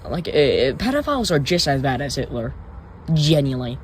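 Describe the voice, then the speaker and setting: A man's voice: on the high side, very animated, a little fast, slight background noise. A man hosting a reaction commentary video, ranting in an exasperated, profane and rambling way. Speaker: commentary channel host.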